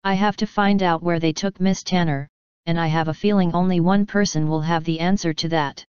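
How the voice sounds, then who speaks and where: A woman's voice: on the low side, steady tone, a little fast, a little mellow, smooth, no echo, lo-fi sound, lightly acted. A woman voicing a stern female pony who is head of security, speaking firmly and giving orders. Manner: firm, commanding.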